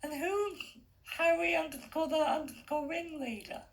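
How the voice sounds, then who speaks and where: Man doing a high falsetto young princess. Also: moderate pace, vocal fry, rough recording. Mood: timid, curious. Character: young princess girl, timid but curious.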